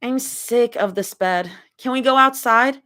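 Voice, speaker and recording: A woman's voice: fairly high pitch, a little slow, pushed and bright, voice pushed up. A woman voicing a playful young woman stuck in a hospital bed, reading a fanfic aloud in a whiny, teasing manner. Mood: pleading.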